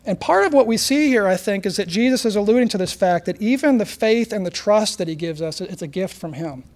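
High-voiced man preaching conversationally. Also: expressive, brisk, a little mellow. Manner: conversational preaching with rhetorical questions and humor. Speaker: pastor. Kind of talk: sermon.

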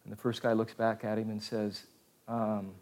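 Low-voiced priest telling jokes in a homily. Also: male voice, monotone, darkish tone. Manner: conversational storytelling with pauses.

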